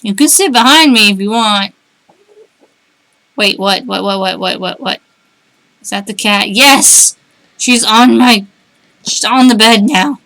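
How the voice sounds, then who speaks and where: A woman streaming a game live, reading the game's text aloud and chatting, reacting out loud and talking to her cat. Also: medium pitch, measured pace, creaky, long pauses, rough recording.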